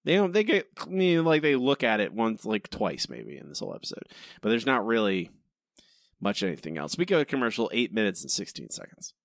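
A man's voice: fairly low pitch, huge pitch swings, brisk, creaky, dry recording, clean studio sound. A man co-hosting a podcast, rambling and exasperated, asking why again and again. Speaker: podcast co-host. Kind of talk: casual critical chat.

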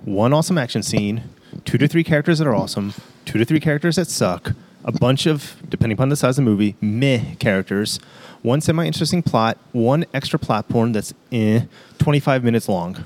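A man's voice: medium pitch, fairly quick, darkish tone, a little hiss or hum. A man, ranting emphatically and profanely in casual chat.

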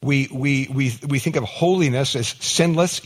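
A man preaching a conversational sermon, his pitch swinging up for emphasis and down for weight. He repeats words as he builds a point and slips into short acted-out exchanges. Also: normal speed, few pauses. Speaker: pastor.

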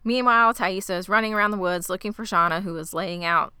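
A woman co-hosting a podcast, retelling a TV episode in a casual, animated way. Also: mid-range voice, clear, resonant tone, no room sound. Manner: animated, quick retelling with quoted lines. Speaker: podcast co-host recapping a TV episode. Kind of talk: casual recap chat.

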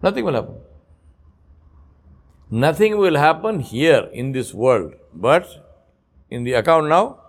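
A man giving an Islamic lecture to young men, emphatic and full of rhetorical questions, swinging from soft asides to loud, pointed repetition. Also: a little high, sing-song, measured pace, long pauses. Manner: storytelling with repeated phrases.

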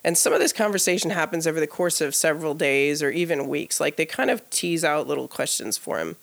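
A woman co-hosting a podcast, telling a story in a casual, animated way, full of "like" fillers and acted-out quoted dialogue. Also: low voice, a little fast, vocal fry. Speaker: podcast co-host. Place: live podcast taping before an audience.

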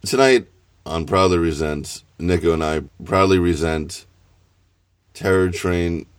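Casting: guy, very low voice, dry close sound, joking podcast co-host. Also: unhurried, smooth, dry recording. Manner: teasing, laughs often. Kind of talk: casual comedic chat.

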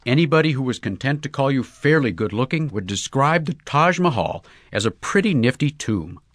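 A man voicing an excitable young male golfer, talking earnestly in breezy slang. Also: medium pitch, normal speed, dry recording, studio quality, voice pushed up, natural voice.

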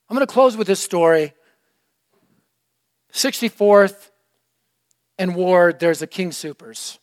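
A middle-aged male preacher telling a story in a sermon, energetic and animated, swinging from loud to hushed. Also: high voice, measured pace, long pauses. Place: church room.

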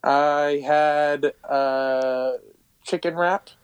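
A man's voice: on the high side, steady tone, very slow, clean tone. A man co-hosting a podcast in casual, crude, giggly chat. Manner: laid-back, giggly, crude humor. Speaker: podcast co-host.

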